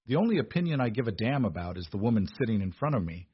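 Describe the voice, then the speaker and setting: A man doing a gruff, gravelly protector. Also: sing-song, fast. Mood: defiant. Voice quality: low gravelly rumble. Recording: dull, dry lo-fi recording.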